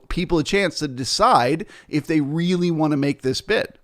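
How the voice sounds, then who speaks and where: A man teaching as a futures trader, explaining the market through rhetorical questions and frequent "right?" and "okay?" check-ins. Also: on the high side. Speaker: futures trader and trading educator.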